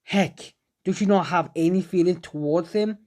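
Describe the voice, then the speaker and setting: An angry young ninja hero, put on by a man. He pushes back with indignant, pleading questions. His voice sits a little high for a man. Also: normal speed, a little mellow, close to an everyday voice.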